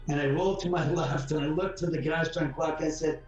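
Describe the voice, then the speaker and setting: A man telling ghost stories in a casual interview, rambling and animated, often repeating words and swearing mildly. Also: on the high side, fairly quick, few pauses, highs cut off. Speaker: homeowner guest. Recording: echoey room from far off, faint music.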